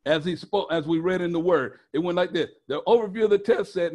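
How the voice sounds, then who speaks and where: A male pastor delivering a sermon with a notably high-pitched voice. He preaches emphatically, repeating key phrases again and again and drawing the congregation in with fill-in-the-blank questions. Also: brisk, hardly any pauses, darkish tone. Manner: repetitive, emphatic preaching with call-and-response questions.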